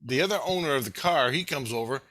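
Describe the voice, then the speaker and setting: Bright-voiced man rambling through a story. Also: mid-range voice, fast. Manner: rambling, profane, animated retelling. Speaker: vlogger. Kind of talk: casual storytelling to camera.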